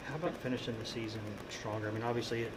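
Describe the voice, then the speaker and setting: A man's voice: medium pitch, fairly even intonation, racing. A male sports reporter asking rambling questions at a press conference. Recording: loud background noise.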